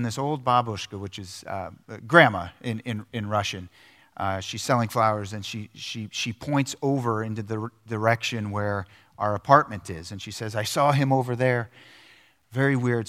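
A man's voice: mid-range voice, fairly bright tone. A middle-aged man preaching a sermon in a church sanctuary, telling a personal story earnestly, with frequent restarts and filler words. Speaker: pastor.

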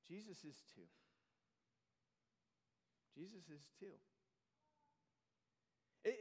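High-voiced pastor preaching in a reverberant hall. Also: male voice. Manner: earnest, drops to soft slow emphasis. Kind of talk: sermon.

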